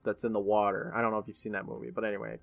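A man's voice: lowish voice, rapid-fire, creaky, soft background music. A man co-hosting a podcast, casually recapping a TV episode, laughing often and acting out lines. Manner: animated, laughs often, acts out quotes in voices. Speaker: podcast co-host.

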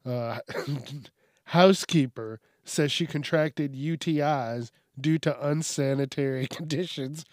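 In a studio-quality recording with no echo, a man with a slightly high voice speaks slowly as a news commentary host. His casual, comedic take on news stories rambles along, with frequent laughter and swearing.

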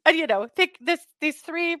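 A middle-aged woman hosts a casual podcast chat, laughing her way through animated stories. Her voice is bright and ringing and swings widely in pitch. The recording is dry and close. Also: normal speed, dry recording. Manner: laughing storyteller, animated retelling. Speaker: podcast host.

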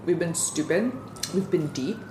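A woman's voice: on the low side, measured pace, a little mellow. A woman co-hosting a podcast in casual chat, talking while she eats in a small home kitchen. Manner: chatty, talks while eating, with mouth full. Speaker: podcast co-host. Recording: echoey room with faint ambient noise.

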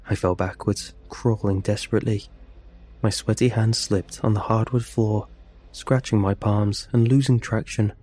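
A man narrating a horror story for a podcast in a slow, hushed and tense way. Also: lowish voice, steady tone.

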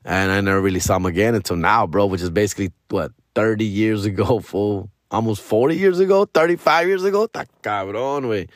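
A man's voice: on the low side, dry recording, studio quality. A man, hosting a podcast in a casual storytelling monologue, slangy and profane, often chuckling. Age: 40s. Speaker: podcast host.

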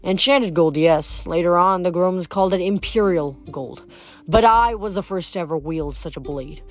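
A woman's voice: lowish voice, normal speed, soft background music, lightly acted. A woman reading as Chrysaor, a scornful pirate villain. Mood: bitter. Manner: scornful, boastful. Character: proud bitter male pirate son of Medusa.

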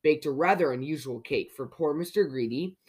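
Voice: mid-range voice, fairly quick, slightly rough, natural voice. Reader putting on a stern old wizard from a kids' storybook, scolding and a bit grand. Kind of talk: storybook read-aloud.

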